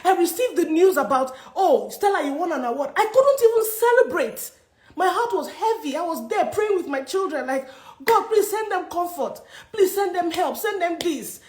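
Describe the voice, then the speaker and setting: A Nigerian woman in an indignant rant straight to camera, her voice pitched high and sharp as she scolds, repeats herself and hammers each point home. The room around her is echoey, so her voice rings a little. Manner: indignant, scolding, emphatic repetition. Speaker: actress speaking to her followers. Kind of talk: angry social media rant.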